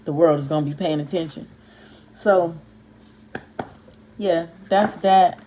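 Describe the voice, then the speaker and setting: A woman's voice: on the low side, takes it slowly, mellow, slight background noise. A woman from Compton, giving a casual, impassioned Bible talk to camera and stressing and stretching her words for emphasis. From Compton, California. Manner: punchy exclamations, street slang. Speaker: Bible teacher vlogger.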